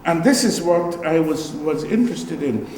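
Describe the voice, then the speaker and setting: An older man from Guyana, an artist giving a relaxed gallery talk, musing and repeating phrases with animated exclamations. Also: a little high, normal speed, roomy sound, big-room sound, slight background noise, low-quality recording. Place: gallery room.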